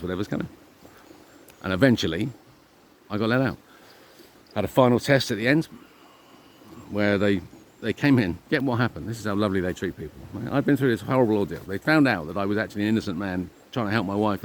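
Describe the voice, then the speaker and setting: A man's voice: low voice, slight background noise. A man telling a long personal story in a rambling, emphatic monologue, swearing often. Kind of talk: casual monologue.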